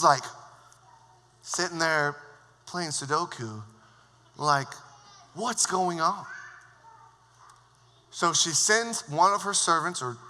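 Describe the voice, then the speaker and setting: A man preaching a sermon as worship leader, telling the story in a lively, joking way. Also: on the high side. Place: church sanctuary. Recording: long church hall reverb.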